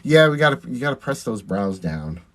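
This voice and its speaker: A man's voice: mid-range voice, sing-song, brisk. A man who performs in drag, chatting casually on a phone live stream while doing his makeup, reading out and answering viewer comments. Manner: chatty, reads viewer comments aloud and thanks them.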